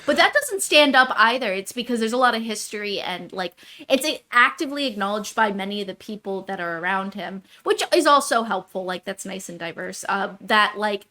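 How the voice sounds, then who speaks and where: A woman's voice: medium pitch, lively intonation, fairly quick, few pauses, pushed and bright. A woman co-hosting a podcast, chatting casually about a book, trailing off and correcting herself. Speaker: podcast co-host.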